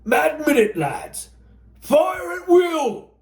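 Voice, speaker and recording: A foul-mouthed army sergeant, as a man acts him out, roaring orders at his men in a high, strained bark. The voice swings wildly in pitch and rings with room echo. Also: sing-song, very slow, a little mellow, heavily acted. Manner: bellowing orders, swearing.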